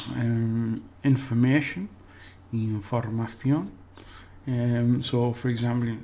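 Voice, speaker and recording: A man giving a relaxed, chatty language lesson, slowly repeating words for practice and laughing at his own slips. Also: medium pitch, gravelly. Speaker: language teacher. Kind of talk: casual spoken language lesson.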